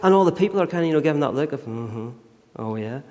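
A man's voice: a little high, expressive, fast talker, darkish tone. Guy preaching, earnest storytelling, echoey church. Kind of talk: sermon. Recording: long church reverb.

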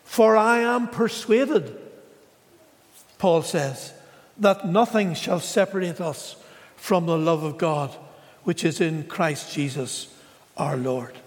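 A man preaching a sermon in a slow, measured way, with dramatic pauses. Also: a little high, long reverb tail.

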